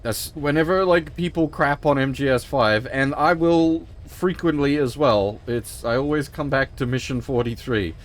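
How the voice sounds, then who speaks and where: A man's voice: mid-range voice, normal speed, hardly any pauses. A man streaming a video game, talking casually in a rambling, emphatic way, swearing often and sounding emotionally choked up. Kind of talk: casual livestream commentary.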